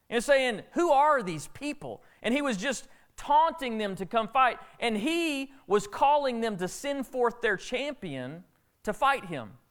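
A male pastor delivering a sermon with a high, bright-pitched voice that rises and falls dramatically. He tells stories with energy and slips into characters' lines as he goes. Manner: animated storytelling preacher, acting out characters' lines.

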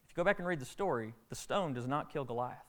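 A man preaching a sermon, retelling a Bible story with lively, acted-out dialogue. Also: mid-range voice, fast. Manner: animated storytelling preacher, acting out characters' lines. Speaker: pastor.

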